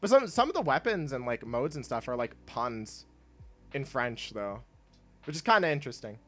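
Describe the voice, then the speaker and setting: A man's voice: mid-range voice, big pitch swings, normal speed, fairly bright tone, soft background music. A young man chatting casually while streaming a video game, rambling with lots of fillers and laughing often. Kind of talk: casual gameplay stream chat.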